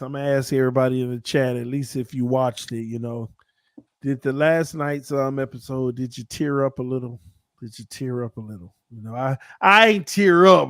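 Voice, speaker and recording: A man's voice: medium pitch, no room sound, studio quality. A man co-hosting a podcast, chatting casually about football in a laid-back, rambling way, often trailing off with "man". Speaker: podcast co-host. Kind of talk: casual sports chat.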